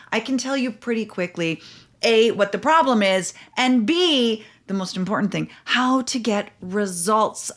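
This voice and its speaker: A middle-aged woman, a parenting coach and podcast host, gives casual advice and explains through anecdotes and numbered steps. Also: mid-range voice.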